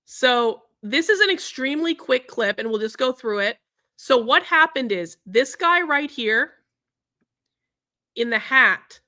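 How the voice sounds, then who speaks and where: A woman's voice: fairly high pitch, sharp tone, no room sound, clean studio sound. A woman hosting her own livestream, talking in a heated, profane and indignant way to her viewers. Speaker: livestream host.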